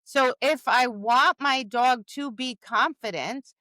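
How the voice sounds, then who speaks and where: A woman's voice: sits high, slow, pushed and bright, no echo. A woman co-hosting a podcast as a dog trainer, talking in an emphatic, casual way that acts out quotes. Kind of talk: casual conversational chat.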